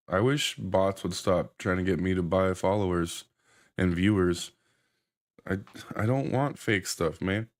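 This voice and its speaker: Another grinder review on a live stream has the same man rambling loosely and casually, now at a measured pace. His voice comes across high and slightly breathless, his manner relaxed.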